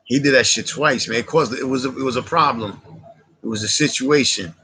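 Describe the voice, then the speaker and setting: A man's voice: medium pitch, a little fast, sharp tone, slightly rough. A man telling a personal street story on his channel, casual and heartfelt, heavy on slang and repetition. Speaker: channel host.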